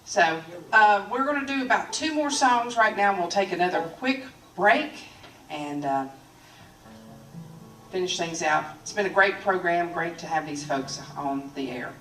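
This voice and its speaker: A woman hosting a live radio music show, chatting in a relaxed way with lots of fillers. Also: lowish voice, unhurried, far from the mic. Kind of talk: casual live radio chat. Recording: roomy studio sound, off mic.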